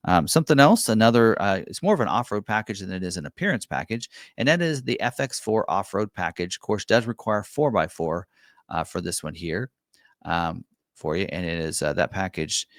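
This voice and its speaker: Man, very low voice, dry close sound, casual dealership walkthrough, filler-heavy. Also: moderate pace, no echo. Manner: relaxed, filler-heavy, repeats "for you". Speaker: car dealership salesman.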